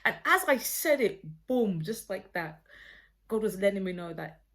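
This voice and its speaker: A woman's voice: mid-range voice, animated, unhurried. A woman sits at home recording herself on a phone, telling a faith story straight to camera. She speaks earnestly and rambles, often stopping and restarting mid-sentence. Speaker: vlogger sharing a personal testimony.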